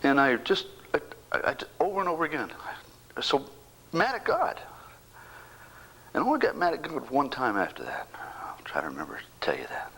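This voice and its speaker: A man in his sixties, a bereaved father, giving a halting personal faith testimony that keeps repeating words and slips into whispers. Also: medium pitch, sing-song, pushed and bright, slight background noise, rough recording.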